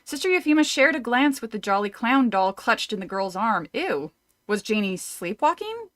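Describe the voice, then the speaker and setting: A woman's voice: on the high side, big pitch swings, moderate pace, fairly bright tone. A woman streamer reading a horror novel aloud, often breaking off to chat, laugh and swear casually. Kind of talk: casual read-through with chat.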